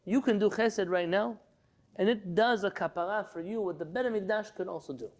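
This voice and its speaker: A man's voice: high-pitched, normal speed. A man teaching a class to students in a room, reading Hebrew passages aloud and then translating and explaining them. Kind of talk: lecture class.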